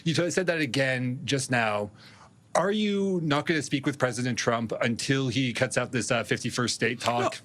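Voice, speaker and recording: A man's voice: medium pitch, moderate pace, fairly bright tone. A man reporter pressing a politician with follow-up questions at a press conference. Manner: persistent, pressing follow-ups.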